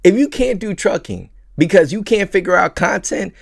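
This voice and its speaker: A man's voice: sits high, moderate pace, gravelly, no echo, studio quality. A man with a New York accent, a truck driver vlogging casually to camera, stammering and restarting as he rants. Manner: animated, stammering restarts, mocking put-on voices. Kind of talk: casual vlog rant. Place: truck cab.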